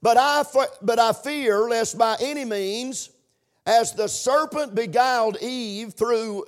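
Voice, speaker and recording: A man preaching a sermon in a chanting, sing-song cadence, breaking in with amens. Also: extremely high pitch.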